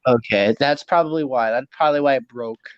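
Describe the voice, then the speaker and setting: A man's voice: mid-range voice, fairly quick, dry recording. A teenage boy talking as a guest on a podcast from his phone, goofy and self-mocking and full of jokes. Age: teens. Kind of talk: casual chat. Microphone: phone on a call. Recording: dull dry phone call audio.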